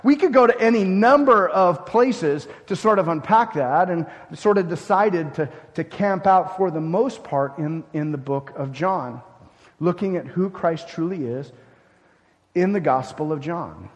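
High-voiced pastor preaching in a reverberant hall. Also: male voice, expressive, measured pace. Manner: emphatic, with wide swings between loud and hushed. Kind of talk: sermon.

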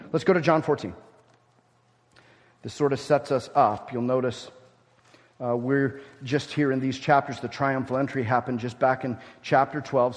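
A man preaching a sermon as pastor, stressing key points loudly and dropping to quiet asides. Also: mid-range voice. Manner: emphatic, swings between loud stresses and quiet asides. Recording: long hall reverb.

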